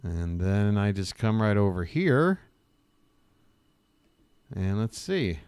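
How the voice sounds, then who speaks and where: A male live-stream host who talks slowly in a smooth, clear voice. He rambles and jokes sarcastically, cutting himself off mid-thought. The sound is dry and close. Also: fairly low pitch, very animated, darkish tone, no echo. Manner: joking, sarcastic riffing; rambling, self-interrupting. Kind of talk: casual live-stream commentary.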